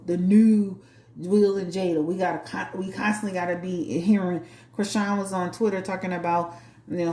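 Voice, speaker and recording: A tarot reader with a New Orleans accent hosts her channel, chatting bluntly and with plenty of sass to her live chat. Her voice is on the low side with a darkish tone, and the sound is reverberant.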